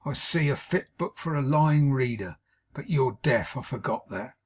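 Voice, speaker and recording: A man with a husky voice playing a drunken, cruel young husband who bullies and sneers at his wife in an audiobook. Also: mid-range voice, expressive, normal speed. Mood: contemptuous. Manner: snarling, contemptuous. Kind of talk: audiobook character voice.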